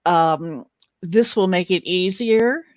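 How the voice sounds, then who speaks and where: A woman co-host with a somewhat low voice asks short, leading questions. She mostly backs her partner up with quick agreement. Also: darkish tone. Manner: brief questions and affirming backchannels. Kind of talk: casual talk show chat.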